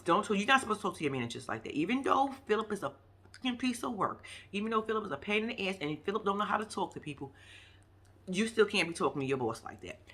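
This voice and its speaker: Blunt, profane woman with a bright voice. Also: mid-range voice, big pitch swings, quick pace, breathy edge. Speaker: reality show commentator. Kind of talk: casual recap commentary.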